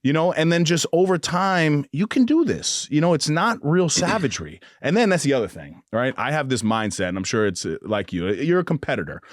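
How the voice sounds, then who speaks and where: A man's voice: fairly high pitch, big pitch swings, fairly quick, hardly any pauses, no room sound, studio quality. A man hosting a podcast, chatting casually and candidly, laughing often and poking fun at himself. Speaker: podcast host.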